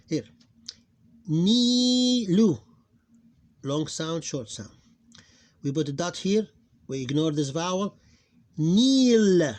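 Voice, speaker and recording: Slow, lively male teacher. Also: on the high side, breathy edge. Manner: slow, repeats and stresses each sound loudly. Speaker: Arabic teacher. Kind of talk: phonics lesson.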